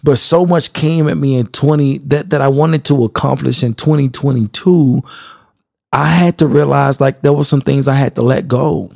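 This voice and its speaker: Gravelly-voiced man hosting a casual podcast. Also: medium pitch, fairly even intonation, normal speed, a little mellow, dry recording, studio quality. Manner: slangy, conversational, addresses listeners directly. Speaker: podcast host. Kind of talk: casual motivational podcast monologue.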